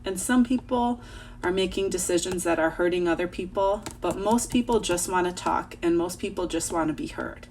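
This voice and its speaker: A young woman teacher reading aloud and talking gently to young children at home. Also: lowish voice, normal speed, background noise.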